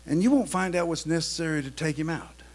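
A man preaching a sermon, swinging between quiet, confiding talk and loud, shouted preaching. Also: on the high side, fast talker.

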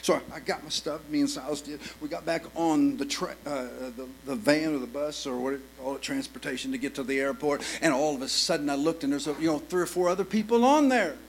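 A middle-aged preacher with a high-pitched voice tells a story from the pulpit, dropping to a hush and then surging loud. A faint mains hum sits under his voice. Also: fast talker, hardly any pauses, low-quality recording. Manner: animated, swings between hushed and loud. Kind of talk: sermon storytelling.

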